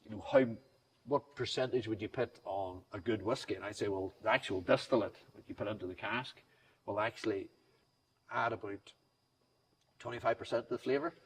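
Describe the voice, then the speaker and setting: Middle-aged man, low-ish voice, rapid and rambling, off-mic. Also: slightly rough. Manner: rambling, enthusiastic salesman talk with restarts. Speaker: whiskey brand founder, guest. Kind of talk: casual interview chat. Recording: distant mic, faint background noise.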